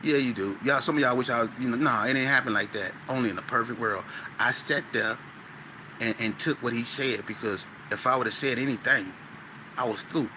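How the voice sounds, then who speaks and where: A man, a guest on an interview show, telling a story in an animated, slang-heavy way with stuttering restarts. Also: medium pitch, a little fast, noisy background.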